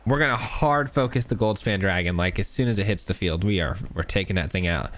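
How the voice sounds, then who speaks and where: A man's voice: low voice, a little fast, fairly bright tone, soft background music. A male gaming host with a stuffy nose, giving casual, chatty commentary while he plays and thinks aloud. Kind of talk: gameplay commentary.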